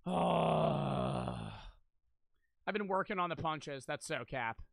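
A young man streaming a game, chatting in a slangy, excitable way and swearing often. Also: fairly high pitch, slow, creaky, dry recording. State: out of breath. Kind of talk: casual gaming commentary. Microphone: headset. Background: game music.

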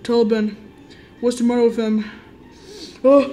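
High-pitched woman doing toy play, stammers a lot, echoey room. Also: a little slow, slight background noise. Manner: stammering, repeats words, switches between excited squeals and soft sleepy tones. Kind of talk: improvised toy play with character voices.

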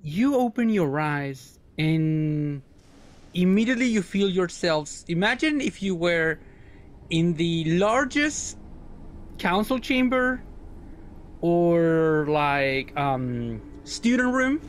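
A man's voice: a little high, lively intonation, slow, a little hiss or hum. A man narrating as game master of a tabletop game, rambling and searching for words with lots of fillers.

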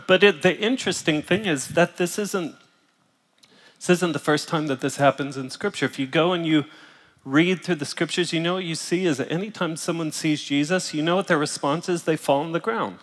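A middle-aged male pastor preaching a sermon while in pain, speaking emphatically and pausing to cough and clear his throat. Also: on the high side. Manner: emphatic, rising to loud bursts, coughing and clearing throat between phrases. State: in pain, voice strained. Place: large church auditorium. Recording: large hall reverb.

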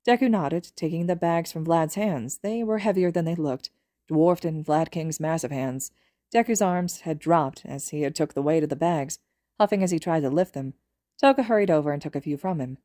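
Woman podfic reader, low and mellow, steady storytelling. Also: moderate pace, no room sound, clean studio sound. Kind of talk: audiobook narration of fan fiction.

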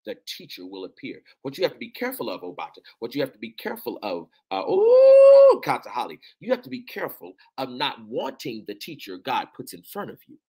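A man's voice: mid-range voice, big pitch swings, fast talker, hardly any pauses, slightly rough. A man giving a fervent, preacher-like address to teachers, emotional and near tears at times, repeating phrases and calling out to the listeners.

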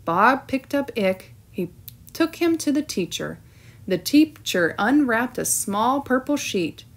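A woman teacher reading a storybook aloud with clear, expressive narration. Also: a little high, slow.

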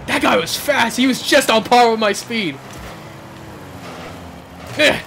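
A high, lively young man's voice commentating his own match, jumping all over the place as he repeats words in quick bursts. His tone is bright and edgy, and he breaks into yells whenever the play gets tense. Faint game music runs underneath. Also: gravelly. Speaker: gaming YouTuber. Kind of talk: live gameplay commentary.

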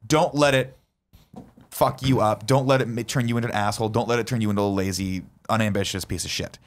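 Fast-talking, blunt storytelling man. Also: on the low side, fairly even intonation. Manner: fast, emphatic, profane storytelling. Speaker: podcast co-host. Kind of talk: casual storytelling chat.

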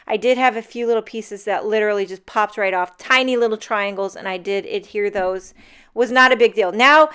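A woman's voice: fairly high pitch, fairly bright tone, clean tone. A woman narrating a casual craft tutorial in voice-over, chatty and talking straight to the viewers. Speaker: card-making crafter.

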